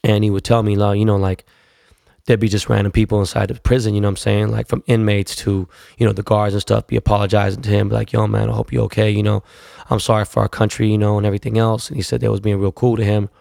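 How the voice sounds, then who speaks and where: A man's voice: fairly low pitch, level tone, quick pace, creaky, dark tone, no room sound, studio quality. A young man telling a long story in a casual, slangy, profane and rambling way.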